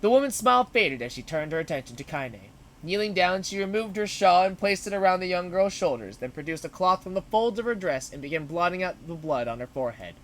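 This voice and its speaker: A man's voice: high-pitched, expressive, brisk, a bit bright. A man streaming, reading a story aloud dramatically and breaking in with joking asides.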